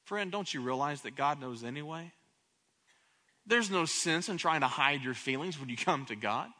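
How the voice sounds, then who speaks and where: A man pastor preaching a sermon with impassioned delivery that swings between hushed and loud, often repeating words as he starts a phrase. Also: fairly high pitch, expressive, moderate pace.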